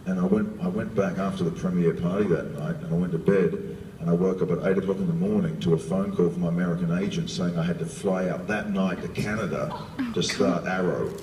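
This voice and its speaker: Deep-voiced New man in a hall. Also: a little fast. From New Zealand. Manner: animated storytelling, laughing along. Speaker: panel guest actor. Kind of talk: convention panel anecdote. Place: large convention hall. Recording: echoey hall, distant mic, faint hiss.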